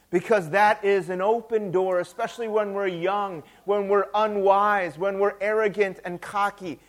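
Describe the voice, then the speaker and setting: Man, high-pitched, preaching, conversational, repeats words, tag questions. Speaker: pastor. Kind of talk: sermon.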